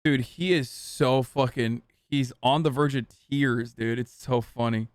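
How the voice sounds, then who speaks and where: A man's voice: mid-range voice, steady tone, a little slow, no room sound, clean studio sound. A man in his thirties streaming live, reacting with blunt, mocking, profane commentary.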